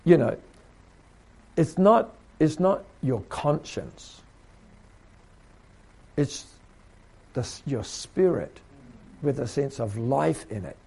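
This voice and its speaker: A man's voice: mid-range voice, very animated, slow pace, gravelly, pauses often, darkish tone, husky. A man preaching a sermon in a conversational way, repeating himself and acting out little quotes.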